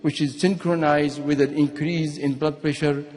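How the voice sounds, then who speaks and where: Male physician at a conference lectern, slightly higher voice, long hall reverb, steady explainer. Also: moderate pace. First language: Arabic. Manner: explanatory, steady, sometimes restarts and repeats words. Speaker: physician giving a conference talk. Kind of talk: medical conference lecture. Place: lecture hall.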